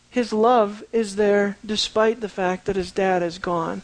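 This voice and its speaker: A preacher walks listeners through a Bible passage in a conversational sermon, asking them questions as the talk goes. The story is told with dramatic swings between quiet moments and excited ones, at a middle pitch. The sound is dry and close, with almost no room echo. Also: a little slow, few pauses.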